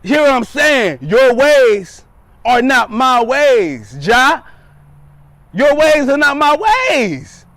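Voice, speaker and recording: A man's voice: very high voice, sing-song, takes it slowly, a bit bright, dry recording, full character voice. God, a man voicing a stern urging deity. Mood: firm. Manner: insistent, repeats lines for emphasis.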